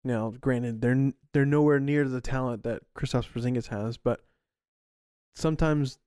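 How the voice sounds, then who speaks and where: A man's voice: medium pitch, normal speed, mellow, clean tone, no room sound. Easygoing young man, dry close voice. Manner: chatty sports talk, laid-back with slang. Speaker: podcast co-host. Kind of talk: casual chat.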